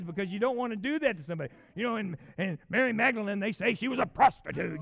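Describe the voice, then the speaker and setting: A man preaching in a loose, conversational way, his fairly high voice jumping into loud, excited bursts and dropping back to near-murmurs. The recording is dull and lo-fi, with muffled highs. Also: normal speed, gravelly. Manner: animated, conversational preaching with sudden loud peaks and acted voices. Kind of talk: sermon.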